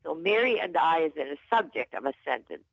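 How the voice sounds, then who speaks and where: Woman caller, gravelly, lively pitch, dull phone-line sound. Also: brisk, no room sound. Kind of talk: phone-in call. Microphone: telephone.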